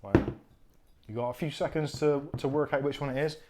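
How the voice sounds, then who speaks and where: A man hosting a casual live stream who jokes and thinks out loud while he unpacks gear. He gives blunt, opinionated asides as he goes. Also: fairly high pitch, brisk, heavy background noise. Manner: chatty, jokey, thinks aloud while unpacking.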